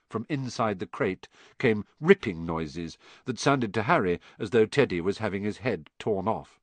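A man with a fairly low voice narrates a storybook in a measured way. His pitch stays lively. The recording is dry and close. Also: no echo. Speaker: audiobook narrator.

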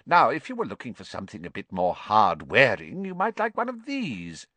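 A man voicing a brisk, businesslike shopkeeper witch in an audiobook reading. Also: on the low side, wildly swooping pitch, pushed and bright, no echo, full character voice.

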